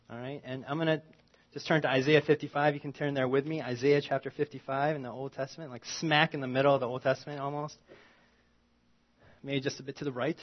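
A man preaching a sermon in a conversational, animated way, swinging from loud emphasis to quiet asides. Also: mid-range voice, muffled recording. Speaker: pastor.

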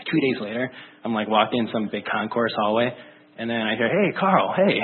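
Husky-voiced man preaching casually. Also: fairly low pitch, flat delivery, brisk. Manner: conversational, rambling with many fillers. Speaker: pastor. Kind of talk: casual sermon. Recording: tinny phone-like sound.

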